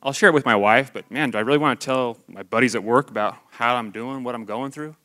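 Church speaker, man in his forties, mid-pitched and earnest, talking candidly and conversationally to a congregation. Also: quick pace, bright, forceful tone. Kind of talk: personal testimony sermon.

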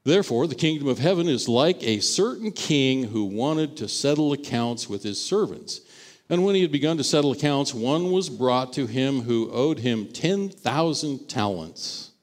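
A male pastor delivers a sermon in his church, moving between scripture reading and a loose, conversational retelling. He repeats words as he goes and slips into the voices of the people he quotes. His voice sits at an ordinary middle pitch. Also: animated, normal speed, long reverb tail.

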